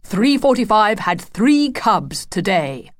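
A woman voicing a proud, excitable male wolf who has just become a father, talking in a grand, formal way. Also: medium pitch, slow, no echo, clean studio sound, pitched above the performer's own voice. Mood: excited.

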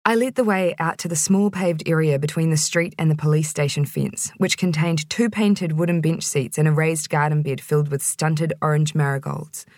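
A woman's voice: low-pitched, fairly even intonation, moderate pace, few pauses, a little mellow, dry recording. A woman narrating a first-person audiobook in a dry, wry storytelling manner, close on the microphone.

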